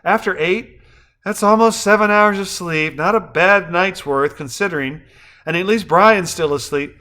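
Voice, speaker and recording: A man's voice: sits high, moderate pace, sharp tone, voice pushed up. A man reading a novel aloud, voicing a worried, tender wife in a raised, anxious voice. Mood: relieved.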